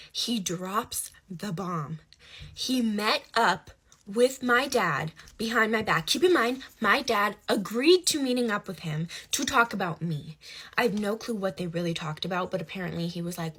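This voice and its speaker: Husky young woman telling a story. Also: medium pitch, normal speed. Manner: animated, swings between hushed asides and loud outbursts, swears. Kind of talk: casual storytelling.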